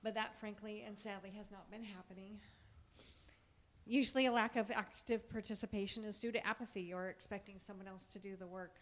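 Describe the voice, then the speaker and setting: A woman's voice: medium pitch, fairly even intonation. A middle-aged woman, a teacher giving an earnest prepared statement at a public forum. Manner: earnest, measured, reading a speech.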